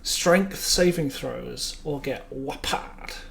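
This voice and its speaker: A man's voice: medium pitch, drawn-out words, vocal fry, fairly bright tone. A man playing a tabletop game, making dry, wry remarks and swearing. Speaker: player. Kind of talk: casual tabletop game chat. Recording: noisy mic.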